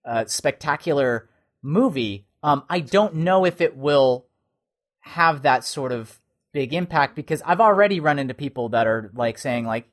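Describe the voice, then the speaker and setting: A man in relaxed, casual conversation, mid-pitched and steady. He rambles through long thoughts, restarting phrases and stacking fillers as he goes. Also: normal speed. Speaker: podcast co-host, Spider-Man performer and suit builder. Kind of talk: casual chat.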